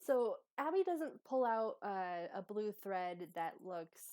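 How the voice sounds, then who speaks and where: A woman's voice: mid-range voice, big pitch swings, slow, dark tone, no room sound. A woman in casual tabletop role-play, chatty and full of fillers. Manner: chatty, many fillers and restarts. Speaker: tabletop player.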